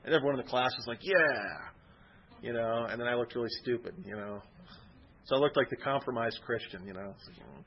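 A man's voice: mid-range voice, steady tone, fast talker, a little hiss or hum. A man giving an informal Bible teaching, conversational and rambling with personal stories. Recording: dull lo-fi recording.

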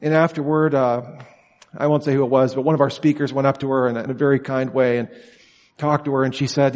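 A man's voice: medium pitch, level tone, fast talker, a little mellow, long reverb tail. A man teaching at a summer institute, lecturing students in an emphatic way and asking many rhetorical questions.

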